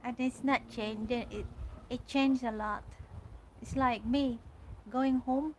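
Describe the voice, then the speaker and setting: Soft-spoken woman chatting from her garden. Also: on the high side, steady tone, a little hiss or hum, poor audio. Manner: chatty, halting, restarts often while reading comments aloud. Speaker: livestream host reading viewer comments. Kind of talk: casual livestream chat. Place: garden outdoors.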